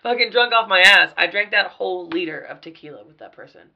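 Woman on a podcast telling party stories, swears a lot, gets loud fast, gravelly voice, kinda muffled recording. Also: on the low side. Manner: profane, animated storytelling with sudden loud bursts. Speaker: podcast guest. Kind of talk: casual storytelling chat.

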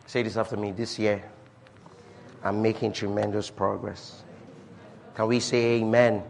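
A man preaching a sermon as pastor, emphatic, with repeated refrains and swings from loud declarations to quiet asides. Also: lowish voice, little pitch movement, measured pace, creaky, slight background noise.

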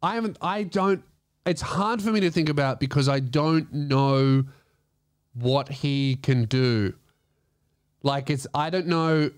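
A man's voice: a little high, takes it slowly, smooth, no echo, clean studio sound. An Australian man hosting a comedy podcast, telling stories casually, swearing often and laughing through them. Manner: profane, laughing through his own stories.

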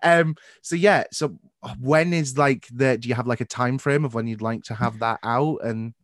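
A man's voice: mid-range voice, moderate pace, no echo, clean studio sound. Chatty male podcast host. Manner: chatty, playful, lots of fillers. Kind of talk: casual interview chat.

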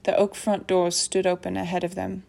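A woman narrating a novel aloud in a steady, measured storytelling manner. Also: on the low side, gravelly. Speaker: audiobook narrator. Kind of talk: scripted narration.

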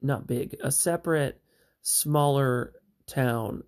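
A man's voice: medium pitch, slow, a little mellow. A man giving a casual spoken review of a TV series, chatty and meandering with frequent asides.

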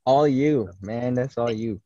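A man's voice: medium pitch, measured pace, mellow, no room sound, muffled recording. A man hosting a podcast, chatting casually in a laid-back, encouraging way. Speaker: podcast host. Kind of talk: casual chat.

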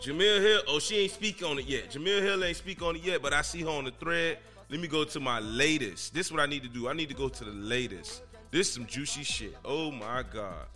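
A man hosts his own podcast in loose, slangy talk that builds into emphatic rants. His voice sits a little high and sounds bright and forceful. Faint music plays under him. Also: a little fast. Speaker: podcast host. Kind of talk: casual solo podcast commentary.

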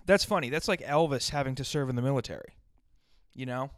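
A man's voice: medium pitch, fast, no room sound, studio quality. A man hosting his own podcast, riffing crudely and profanely in a rambling solo rant. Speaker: podcast host.

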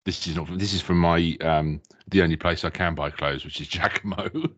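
A man's voice: deep voice, brisk, lo-fi sound. A man, a podcast guest, chatting casually and dropping dry jokes. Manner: dry, jokey quips. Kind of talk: casual chat.

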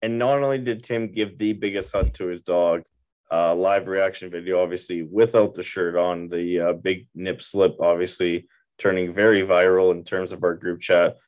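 A man's voice: sits low, steady tone, normal speed, a little mellow, lo-fi sound. A man hosting a casual sports podcast, joking crudely and asking rambling questions. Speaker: podcast host.

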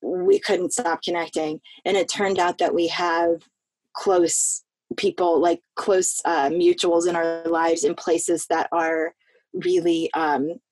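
A woman's voice: lowish voice, fairly even intonation, slow pace, a little mellow, dry recording, soft background music. A woman from Florida, an actress talking in a casual interview, earnest and rambling, often restarting her sentences. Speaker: actress guest.

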